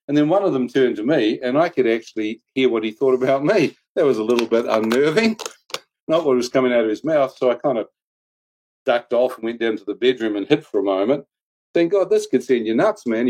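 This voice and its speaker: A man's voice: mid-range voice, darkish tone, poor audio. A man telling a dramatic personal testimony in a loose, conversational way. He laughs often, drops in slang, and his voice jumps sharply upward whenever he acts out what someone said. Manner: colloquial slang, "mate", "flippin'". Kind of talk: animated personal storytelling.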